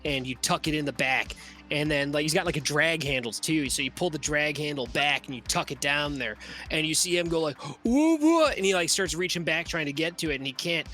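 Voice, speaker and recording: Here is a man narrating a tabletop game as its game master, his voice fairly high and bright. He tells the scene in a loose, profane and vivid way, dropping in "like" and "you know" as he goes. Soft music plays behind him. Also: fairly even intonation, fairly quick. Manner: casual, profane, vivid storytelling; lots of fillers, like and you know.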